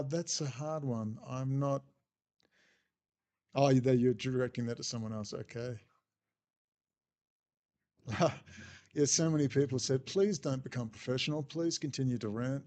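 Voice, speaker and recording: A man's voice: medium pitch, fairly even intonation, moderate pace, pauses often, dark tone. A man hosting a casual livestream, rambling and bluntly answering chat messages as he goes. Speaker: livestream host reading chat.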